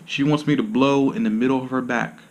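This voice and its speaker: A man's voice: mid-range voice, steady tone, a little fast. Blunt, profane male massage therapist. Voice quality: blunt, profane, streetwise slang. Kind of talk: casual monologue to camera.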